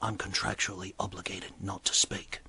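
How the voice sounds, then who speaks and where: A man voicing a quiet, secretive male scientist who speaks in flat, hushed whispers. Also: low-pitched, moderate pace, gravelly, breathy edge, exaggerated voice. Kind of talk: comedic character monologue.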